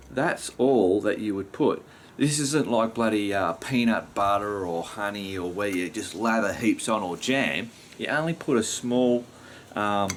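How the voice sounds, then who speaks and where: An Australian man talks to his vlog audience in a loose, rambling way, dropping mild swears as he goes. His voice sits on the low side and sounds like he has just woken up. A faint hum of background noise sits under the recording. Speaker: vlogger. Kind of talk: casual chat to camera.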